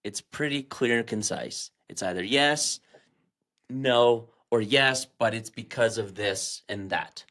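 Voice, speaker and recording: A man's voice: mid-range voice, takes it slowly, fairly bright tone. Blunt, fired-up man. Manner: blunt, swearing, getting fired up. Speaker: podcast co-host. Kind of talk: casual chat.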